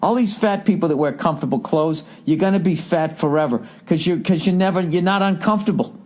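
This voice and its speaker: A man's voice: on the high side, fairly quick, darkish tone. A middle-aged man hosting a podcast, telling stories in a profane, exasperated comedic rant. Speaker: podcast host.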